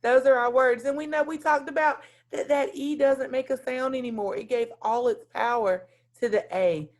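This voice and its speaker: A woman teacher giving a recorded lesson in clear, deliberate teacher talk, stepping through lists point by point. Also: high-pitched, fairly even intonation.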